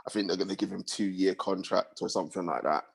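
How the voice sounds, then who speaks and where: A man's voice: low-pitched, steady tone, fast, vocal fry, breathy edge. A man, chatting casually about football on a podcast and prompting his co-host.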